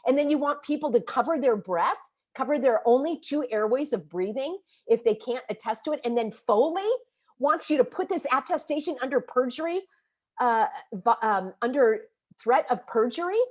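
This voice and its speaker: A woman's voice: high-pitched, expressive, normal speed. A woman vlogger ranting to camera, upset and agitated, scolding and calling people out with emphatic indignation. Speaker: vlogger and activist. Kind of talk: impassioned direct-to-camera rant.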